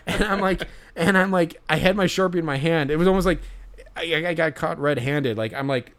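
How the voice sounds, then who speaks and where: A man's voice: on the high side, brisk. A young man hosting a podcast, telling a story in casual chat with many fillers and restarts. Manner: rambling, many fillers and restarts, laughs along. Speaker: podcast host.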